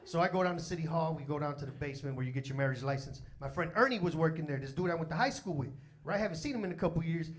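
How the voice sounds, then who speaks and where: A man's voice: fairly high pitch, very fast. A man in his forties from Chicago's South Side doing a stand-up comedy set, telling stories and acting out the people in them. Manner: animated storytelling, acting out characters. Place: comedy stage before a live audience. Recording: loud crowd laughter throughout. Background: audience laughter.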